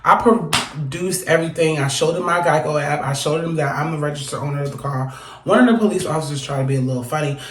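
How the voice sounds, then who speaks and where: A young woman telling a storytime straight to camera, animated and blunt, swearing freely. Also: low voice, fast talker. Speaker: vlogger. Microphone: phone or camera held close. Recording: echoey room.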